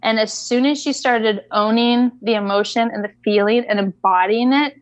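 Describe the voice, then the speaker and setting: A woman's voice: on the high side, normal speed, dry recording. Chatty woman coach telling a story. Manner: chatty, many fillers like "like". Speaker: equine coach guest. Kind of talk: storytelling in a casual interview.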